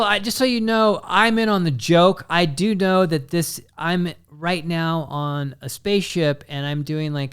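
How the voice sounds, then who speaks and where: A man's voice: fairly high pitch, clean tone. A man hosting a podcast, casually joking and rambling with lots of fillers. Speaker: podcast host. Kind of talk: casual comedy chat.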